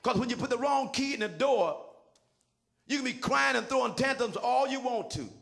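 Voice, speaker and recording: High, gravelly, shouting preacher man. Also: expressive, normal speed. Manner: shouted, sing-song preaching cadence; folksy, colloquial phrasing. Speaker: senior pastor. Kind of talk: preaching a sermon.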